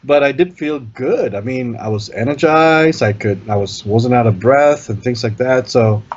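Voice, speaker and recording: A man's voice: medium pitch, normal speed. A man co-hosting a casual tech podcast, chatting in friendly, joking banter. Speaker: co-host. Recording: dull lo-fi sound.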